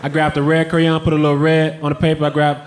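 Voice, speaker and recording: A man telling stand-up stories on a club stage in a dry, deadpan way into a handheld mic. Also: a little high, quick pace, slight background noise. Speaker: stand-up comedian. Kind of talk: stand-up comedy set. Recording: roomy live club recording with crowd. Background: audience laughter.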